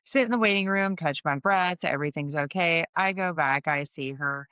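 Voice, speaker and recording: A woman's voice: deep voice, normal speed, sharp tone, smooth, no room sound. A middle-aged woman hosting a podcast, earnestly telling a personal story in a conversational way and explaining things as she goes. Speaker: podcast host.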